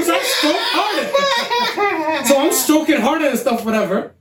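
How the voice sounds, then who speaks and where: A man hosting a casual podcast, telling a story in an animated way and acting out the voices of the people in it. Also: very high voice, moderate pace. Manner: animated, acts out quoted voices, laughs often. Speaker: podcast host. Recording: echoey room, far from mic, faint hiss.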